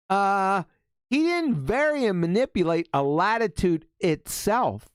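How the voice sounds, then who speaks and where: Mocking man with a lively voice. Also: high-pitched, clear, resonant tone, no echo, studio quality. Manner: insulting, mocking. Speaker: host. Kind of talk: ranting monologue.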